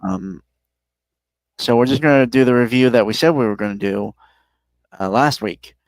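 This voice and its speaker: A man co-hosting a podcast who sounds tired and talks in a relaxed, hedging way, starting often with "um". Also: mid-range voice, normal speed, dry recording. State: tired, yawning. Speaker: podcast co-host. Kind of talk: casual chat, movie review.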